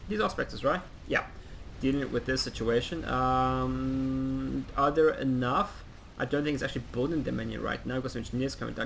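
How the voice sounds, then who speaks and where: A man giving casual play-by-play commentary on a strategy game, chatty and rambling with plenty of ums, and quick to poke fun at himself. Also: mid-range voice, vocal fry, fairly bright tone, a little hiss or hum. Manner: self-mocking humor. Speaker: game caster.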